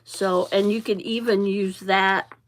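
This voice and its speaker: Woman, casual crafting vlogger, mid pitch, easygoing, rambling show-and-tell. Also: little pitch movement, a little slow, slight background noise. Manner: chatty, meandering, shows crafts while talking. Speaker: journaling vlogger.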